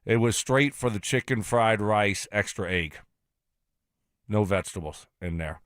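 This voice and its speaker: A man's voice: fairly low pitch, expressive, unhurried, fairly bright tone, no echo, studio quality. A man co-hosting a casual sports talk radio show, easygoing and rambling as he tells stories. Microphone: studio broadcast mic.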